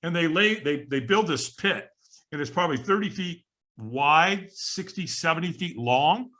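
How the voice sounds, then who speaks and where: A man telling a story in a casual interview, his voice swinging widely as he acts out what others said. The tone is a bit husky and sits fairly high for a man. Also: lively intonation, moderate pace, sharp tone. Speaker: podcast guest.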